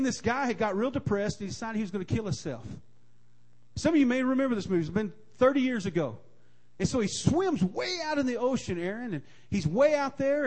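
A man preaching a sermon, repeating his key lines and building to forceful emphasis. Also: very high-pitched.

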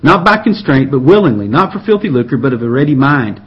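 A man's voice: medium pitch, very animated, a little fast. A man preaching a sermon in an earnest, pleading way, often repeating and restarting his words. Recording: dull lo-fi recording.

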